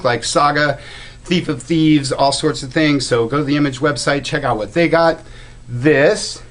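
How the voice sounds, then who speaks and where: A man's voice: a little high, a bit bright. A man hosting a weekly new-release rundown for his comic book store, upbeat and enthusiastic, with frequent "uh" fillers. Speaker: comic shop host.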